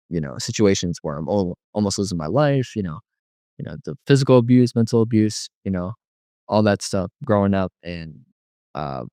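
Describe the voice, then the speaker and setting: A man's voice: on the low side, a little mellow, dry recording, studio quality. A man giving a personal testimony as an interview guest, rambling and filling his speech with frequent "you know.". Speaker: guest telling his life story.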